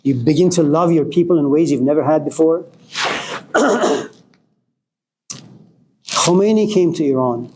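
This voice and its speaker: A male lecturer speaking in a slow, deliberate, rambling storytelling manner. His voice sits somewhat high but sounds mellow and dark. A faint hiss lies behind it. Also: rough recording.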